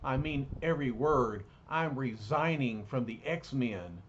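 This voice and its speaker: Beast as a brainy young mutant hero, as a man reads him aloud, soft-spoken and formal in his wording, with a lively, rising and falling voice. The delivery is unhurried and measured. The recording sounds slightly dull, with faint noise behind it. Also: mid-range voice. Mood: bitter.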